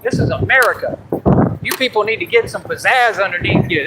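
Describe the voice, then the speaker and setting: Confrontational male streamer with a high voice, phone-recorded on a noisy street. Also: animated, a little fast. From Texas. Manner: brash, confrontational and boastful. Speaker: livestreamer. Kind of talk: livestream rant. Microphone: phone livestream.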